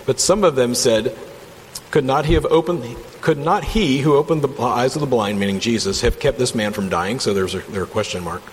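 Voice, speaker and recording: A man leading a casual Bible study from home, reading passages and commenting with enthusiasm in a conversational way. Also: mid-range voice. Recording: long reverb, faint background hum.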